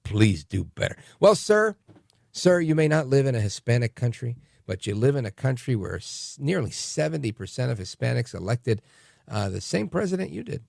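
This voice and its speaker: Man talk radio host, sarcastic monologue, lively swooping pitch, dry close sound. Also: moderate pace, gravelly, no echo. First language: English. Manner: animated and sarcastic, mocking voices in quotes.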